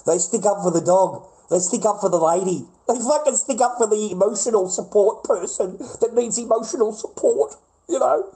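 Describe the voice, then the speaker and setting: Australian livestreamer, middle-aged man, high-pitched voice, heated profane rant. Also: normal speed, warm tone, poor audio.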